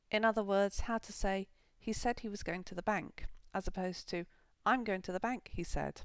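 A woman hosting a podcast, giving a scripted, measured German grammar lesson. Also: on the low side, no room sound. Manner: measured, clear explanatory delivery.

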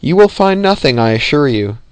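A man playing a sly wizard, smooth and falsely polite, dry sound. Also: a little high, big pitch swings, a little fast, no echo, voice pushed up. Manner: smooth, insincere.

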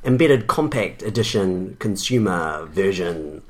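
A man's voice: sits low, expressive, unhurried. A man co-hosting a casual tech podcast. He chats and teases, often stumbling over his words and restarting. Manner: chatty, stumbling restarts, teasing. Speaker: podcast co-host.

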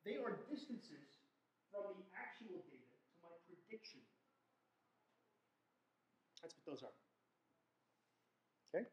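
A man's voice: high voice, big pitch swings, takes it slowly, pauses often, slight background noise. A man lecturing a statistics class in an informal, joking way, often restarting and correcting himself. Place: lecture hall. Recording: echoey lecture hall.

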